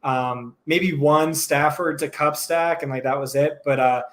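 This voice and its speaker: A man co-hosting a live stream and chatting casually, brisk and opinionated, often restarting his sentences. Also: a little high. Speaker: co-host.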